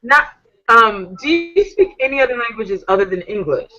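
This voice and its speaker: A woman's voice: a little high, big pitch swings, normal speed, pushed and bright, dull audio. A woman co-hosting a video call interview, asking chatty, teasing questions and playing to her viewers. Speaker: talk show co-host.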